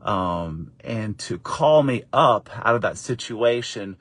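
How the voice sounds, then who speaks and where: A middle-aged man and father telling a casual story to camera, lively and encouraging, jumping up in pitch when he acts out what others said. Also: slow pace, dry recording. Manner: animated, acts out quoted voices with high pitch jumps; encouraging, faith-based wrap-up. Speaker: father and faith vlogger.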